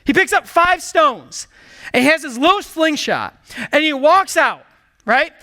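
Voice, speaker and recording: A man preaching a sermon in an energetic, emphatic way, calling out to the congregation and dropping into hushed low asides. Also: measured pace. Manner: swings from excited bursts to hushed low asides. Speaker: pastor.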